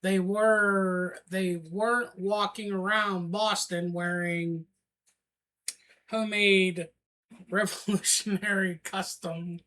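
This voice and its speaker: Guy cohosting a history podcast, slow stumbly reading, sharp bright voice. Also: sits high, fairly even intonation. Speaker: co-host. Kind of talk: casual history podcast chat, reading a script.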